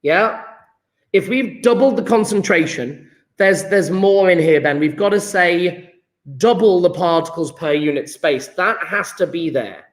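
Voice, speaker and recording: A man teaching a live chemistry lesson, speaking slowly with a slightly raised pitch. He restarts and repeats phrases as he works through ideas. The sound is roomy and echoey. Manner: thinks aloud with restarts, drawn-out repetitions.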